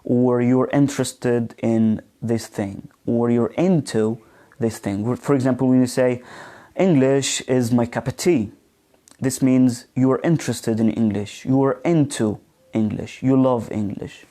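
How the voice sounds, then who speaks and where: A man teaching a live online pronunciation class, speaking slowly and hesitantly with many fillers, modeling words and asking students questions. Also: medium pitch, fairly even intonation, dark tone.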